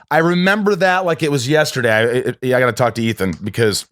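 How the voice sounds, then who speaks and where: A man's voice: medium pitch, fast, a bit bright, no room sound. A man tells a story in a loose, rambling way, stopping and restarting his sentences often. His voice sits in a middle range and sounds dry and close. The talk is a casual podcast chat. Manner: rambling, with many restarts and acted-out quotes. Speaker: podcast guest.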